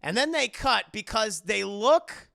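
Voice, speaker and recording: A man streaming a casual movie recap to his live chat, animated, swearing and laughing as he tells it. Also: high-pitched, a little slow, vocal fry, no room sound, studio quality.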